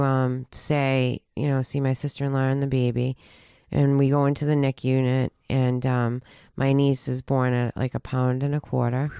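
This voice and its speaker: Smooth-voiced woman telling a personal story. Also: extremely low pitch, dark tone, dry recording, studio quality. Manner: halting, many restarts and fillers, earnest. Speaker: guest telling her recovery story.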